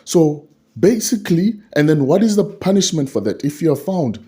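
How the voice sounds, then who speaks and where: A man's voice: on the high side, very animated, normal speed, mellow, husky. A man giving a solo commentary on a court case, repeating his points and asking rhetorical questions.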